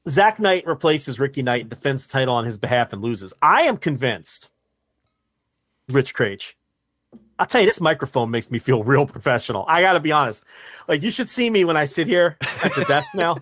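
A man's voice: on the high side, very animated, moderate pace, a bit bright, no echo, clean studio sound. A man co-hosting a wrestling podcast, teasing his partner in casual banter. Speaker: podcast co-host. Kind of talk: casual chat.

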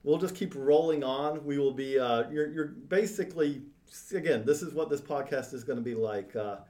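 A man's voice: medium pitch, normal speed, mellow. Easygoing man hosting a podcast. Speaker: podcast host. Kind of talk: casual chat.

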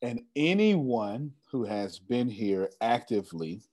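A man hosting a group video call, encouraging members with quick animated interjections. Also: medium pitch. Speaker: host of a money mentoring call.

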